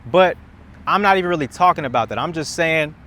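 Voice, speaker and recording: A man's voice: on the high side, expressive, fairly quick, sharp tone. A young man speaking in a casual, rambling monologue, impassioned and emphatic, often repeating words and restarting his sentences, recorded outdoors in a city. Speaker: content creator.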